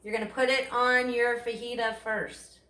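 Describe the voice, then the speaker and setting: A woman's voice: on the high side, level tone, moderate pace, sharp tone. A woman hosting a casual home cooking demonstration, chatty and enthusiastic, asking herself questions and then answering them. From Italian family background. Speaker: cooking show host. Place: home kitchen. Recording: echoey kitchen with faint noise.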